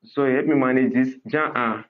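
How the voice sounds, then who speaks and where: A man's voice: mid-range voice, steady tone, moderate pace. Man lecturing over tinny phone-like audio. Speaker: Arabic grammar lecturer. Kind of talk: classroom lecture.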